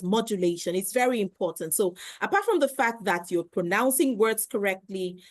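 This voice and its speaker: A woman's voice: mid-range voice, no room sound. A woman who coaches speaking, explaining things carefully in conversation and repeating her key points. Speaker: guest, speech coach.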